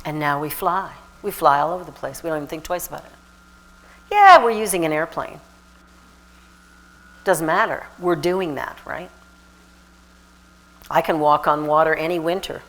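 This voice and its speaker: A woman minister giving a lively, animated sermon, with sudden shouted exhortations and laughter. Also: low voice, normal speed, pauses often, rough recording.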